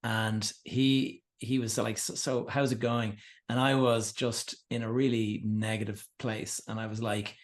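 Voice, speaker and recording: Chatty male podcast host. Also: medium pitch. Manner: conversational, shares his own stories. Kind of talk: casual interview chat.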